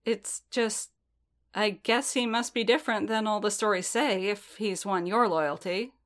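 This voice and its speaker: A woman reading aloud and voicing a brash young female warrior who talks a little higher and quicker than the narration. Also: fairly bright tone, lightly acted. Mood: sheepish. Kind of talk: fan fiction audiobook reading.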